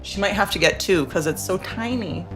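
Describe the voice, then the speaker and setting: A woman's voice: on the low side, moderate pace, music in the background. A young woman hosting a stream from home, chatting casually and giving playful, coaxing commands to her dog. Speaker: livestream host. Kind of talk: casual chat while training a dog.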